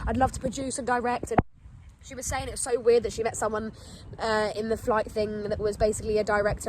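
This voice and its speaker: A woman's voice: fairly high pitch, noisy background. A young woman hosting a podcast tells a story in a chatty, heartfelt way, saying "like" and "literally" again and again. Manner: chatty, gushing, full of "like" and "literally"; emotional, heartfelt. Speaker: podcast host. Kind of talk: casual storytime monologue.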